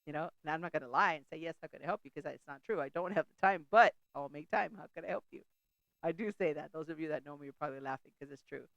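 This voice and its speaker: A woman's voice: low-pitched, fast, vocal fry, no room sound, muffled recording. A middle-aged woman hosting a faith talk show, preaching in a chatty, conversational way and often breaking off to laugh or restart a thought.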